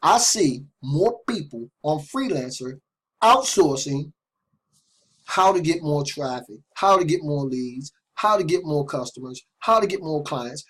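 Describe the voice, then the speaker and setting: Man, middle-aged, husky, fairly high voice, casual sales talk, repetitive, stumbling restarts. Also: lively intonation, measured pace, fairly bright tone. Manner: repetitive, chatty, keeps asking "right?"; restarts and stumbles over words. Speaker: online marketing vlogger.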